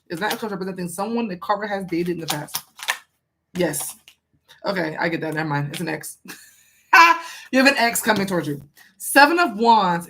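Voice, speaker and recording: A woman gives a casual tarot reading in a chatty, emphatic voice of middle pitch. She keeps putting questions to the cards aloud and talks straight to the viewer. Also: slight background noise. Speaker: tarot reader.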